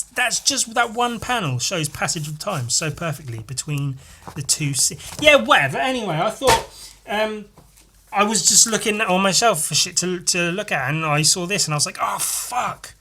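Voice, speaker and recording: A man hosting a casual solo podcast, swearing freely and telling a story panel by panel in an animated way. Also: high voice, moderate pace. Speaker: podcast host.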